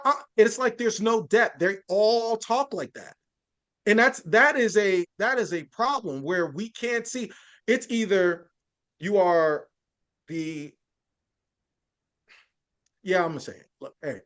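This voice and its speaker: A man's voice: very high voice, measured pace, a bit bright. A man speaking as a journalist guest in a podcast interview, earnest and building his points through lists and frequent restarts.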